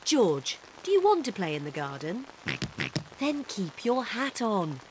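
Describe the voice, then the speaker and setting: A woman voicing a patient, sensible mother pig in a cartoon, calm and gently firm. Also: medium pitch, unhurried, noisy background. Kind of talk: cartoon voice acting.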